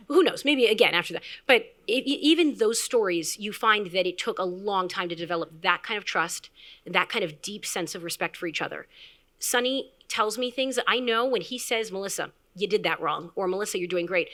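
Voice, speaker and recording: A woman founder giving a candid, animated storytelling talk at a live event, acting out quotes with filler words. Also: mid-range voice. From Canada. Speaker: health tech founder, speaker.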